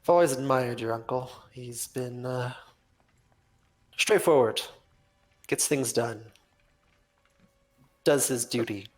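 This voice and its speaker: A man voicing a proud, composed noblewoman in a tabletop game, speaking in a measured, formal way. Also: medium pitch. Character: poised, proud adult woman, a noble ally.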